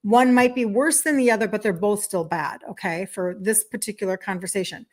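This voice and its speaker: A woman's voice: mid-range voice, a little fast, few pauses. A woman in her fifties, a health coach, talking casually on a live stream, emphatic and chatty, repeating key points and checking in with "okay?". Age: 50s. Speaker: health coach hosting a weekday live show.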